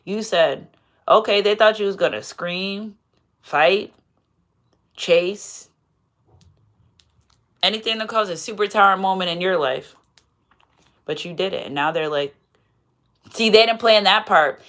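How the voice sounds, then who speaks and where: Animated, playful woman reading tarot. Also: mid-range voice, unhurried, long pauses. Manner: animated, playful, frequent laughter and asides. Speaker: tarot reader. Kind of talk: casual live tarot reading.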